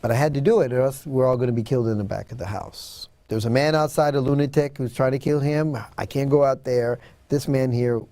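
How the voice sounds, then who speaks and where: A man's voice: medium pitch, fairly quick, few pauses, warm tone, no echo. A man telling a personal story in an interview, earnest and dramatic, acting out what people said. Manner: earnest, dramatic retelling with acted-out quotes. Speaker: guest.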